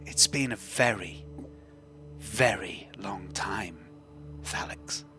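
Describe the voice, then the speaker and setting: Cold and deliberate, a man whispering as a cruel female machine spirit hisses her words low and slow in a whispered role-play for a tabletop game. The voice sits a little lower than the speaker's own and stays breathy throughout. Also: over music. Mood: menacing whisper. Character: menacing disembodied female machine voice, vengeful.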